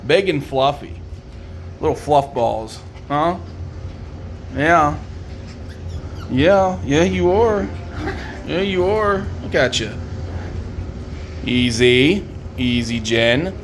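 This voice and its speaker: A woman films her puppies at home on a phone, her voice leaping from an easy chatty register up into squeaky baby talk and back. Her pitch swings widely. Steady background noise runs under the whole clip. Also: takes it slowly, pauses often. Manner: swoops into high baby talk when calling the puppies; fond, chatty, teasing the pups. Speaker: dog breeder filming her puppies. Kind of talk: casual running commentary while filming.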